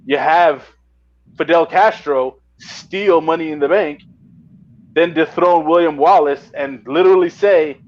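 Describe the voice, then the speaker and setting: Speaking unhurriedly in a slightly high voice, this wrestling promotion owner gets fired up and curses while spinning stories on a laid-back podcast. The lo-fi recording sounds dull.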